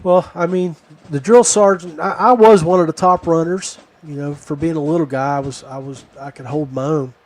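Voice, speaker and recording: A man's voice: fairly high pitch, fairly even intonation, normal speed. Rambling man telling a story. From West Virginia. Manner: rambling, digressive. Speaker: podcast host. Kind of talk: casual storytelling.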